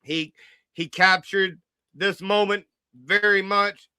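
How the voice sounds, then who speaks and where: A man hosting an apologetics talk show, excited and chatty, repeating his words and teasing. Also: high-pitched, slow, clear, resonant tone, no echo, studio quality. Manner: hyped, repeats words, sings along and teases. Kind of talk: excited casual commentary.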